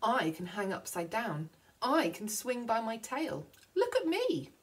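A woman's voice: fairly high pitch, big pitch swings, a little slow, recorded from a distance. A woman voicing a jittery, boastful female possum in a read-aloud picture book.

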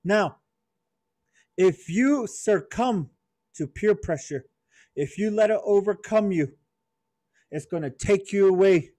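A man telling a moral story to children at a youth conference, animated, and calling on listeners by name. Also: high-pitched, slow pace, long pauses.

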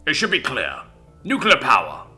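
A man voicing a heavily muscled male alien commander who speaks in a booming, forceful, blunt way. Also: huge pitch swings, normal speed, soft background music, full character voice.

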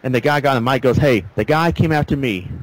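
A man hosting a casual talk show with a rambling, storytelling manner, now and then acting out what others said. His voice sits at an ordinary middle pitch. The recording is lo-fi, with a faint background noise. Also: fast talker. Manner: rambling storyteller, acts out quotes. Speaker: podcast host. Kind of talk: casual chat. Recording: faint background noise, low-quality audio.

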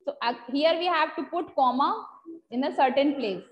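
A high-voiced woman with an Indian English accent teaches grammar over a video call, reading out sentences in a slow, deliberate dictation and slipping into Hindi now and then. The sound is somewhat dull and lo-fi. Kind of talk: online grammar class.

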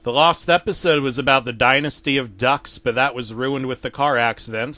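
Deadpan male horror-story narrator. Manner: deadpan, mostly low-key with sudden loud outbursts.

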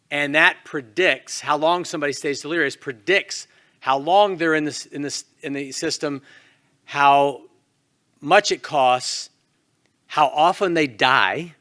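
A man's voice: a little high, pushed and bright. A man from Louisiana with a Southern US accent, giving a conference lecture and quizzing the audience in a folksy way. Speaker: conference speaker, intensivist.

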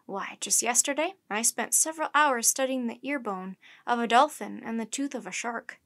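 A woman's voice: a little high, normal speed, a bit bright. Friendly young scientist in a storybook voiced by a woman; polite, patient explainer.

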